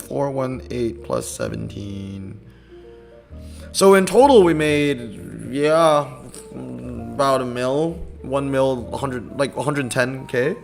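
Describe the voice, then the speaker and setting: A young man live-streaming a racing game, chatting casually and answering his chat in a rambling, laid-back way. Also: fairly high pitch.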